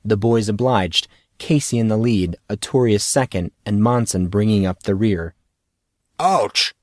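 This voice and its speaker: A man narrating a fantasy audiobook with a steady storytelling delivery, on a close studio mic. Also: on the low side, normal speed, no room sound. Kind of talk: scripted narration.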